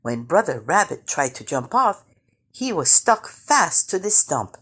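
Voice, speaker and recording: A woman reading a children's picture book aloud, slow and expressive. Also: on the low side, breathy edge. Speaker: storyteller.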